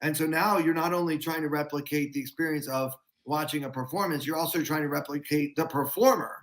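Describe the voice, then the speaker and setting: A man who is a comedian guest on a podcast, explaining his views in a thoughtful, measured way. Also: a little high. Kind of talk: casual podcast chat.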